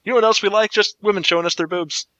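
Bright-voiced American man, wry. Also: high voice, steady tone, fast, no echo. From United States. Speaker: podcast co-host. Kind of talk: casual comedic banter. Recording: dull, slightly lo-fi dry sound.

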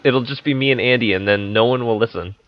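A man's voice: medium pitch, quick pace, slight background noise. A man co-hosting a casual podcast, hesitant and dry, with many ums while he gets to his jokes. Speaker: podcast co-host. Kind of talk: casual chat. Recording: dull lo-fi mic.

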